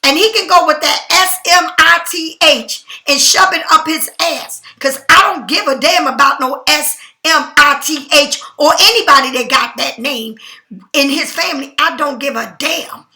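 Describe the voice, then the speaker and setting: A woman's voice: high-pitched, moderate pace, sharp tone, echoey room. A middle-aged woman tarot reader speaking bluntly and emphatically to her viewers in a spontaneous monologue.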